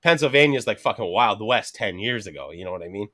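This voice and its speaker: Fairly low in pitch and quick in pace, this man tells a story as a podcast guest in relaxed conversation. He's Canadian, in his thirties, animated, constantly swearing, laughing mid-sentence and voicing what others said.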